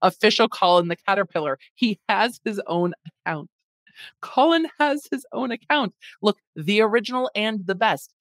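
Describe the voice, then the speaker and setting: A woman's voice: medium pitch, lively intonation, moderate pace, dry recording. A woman hosting a podcast, chatting casually and wryly about a food lawsuit. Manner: chatty, wry, sarcastic asides. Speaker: podcast host.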